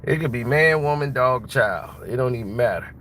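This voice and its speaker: Blunt, bright-voiced man in a car. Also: medium pitch, normal speed. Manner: blunt, mocking, laughs at his own jokes. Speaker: vlogger. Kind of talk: casual commentary. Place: inside a car, driving. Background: faint car and road noise.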